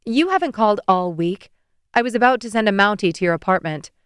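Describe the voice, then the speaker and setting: A woman voicing a caring, fussing middle-aged mother on the phone, brisk and gently teasing. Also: medium pitch, animated, smooth, no room sound, clean studio sound, lightly acted. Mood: motherly.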